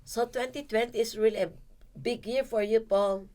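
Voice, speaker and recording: A woman's voice: fairly high pitch, fairly even intonation, normal speed, a loud crowd. A woman hosting a streaming podcast, asking short questions in a casual, friendly way. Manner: friendly, brief prompts and back-channels. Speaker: podcast host. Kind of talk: casual interview chat.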